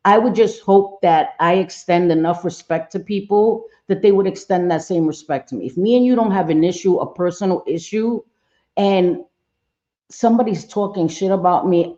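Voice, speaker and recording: A middle-aged woman with a lowish, dark-toned voice speaks at normal speed, and the audio sounds dull. Hosting a casual livestream, she chats bluntly with viewers, swears freely, and often trails off mid-thought.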